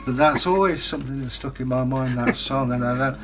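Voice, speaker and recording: A man's voice: medium pitch, fairly quick. Rambling man in his sixties. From England. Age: 60s. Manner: rambling, anecdotal, easygoing. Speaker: co-host reading viewer comments. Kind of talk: casual chat.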